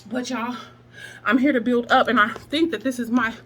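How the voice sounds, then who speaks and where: Slightly fast and on the high side, the voice belongs to a plus-size woman vlogging a motivational workout. She lectures with sass and emphasis, laughs frequently, and gets winded now and then while exercising, heard through a distant mic over music.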